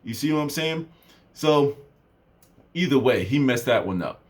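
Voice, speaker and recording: In an unhurried, mid-range voice, a young self-improvement vlogger chats casually to camera, telling a story in an animated way. Fillers crop up constantly.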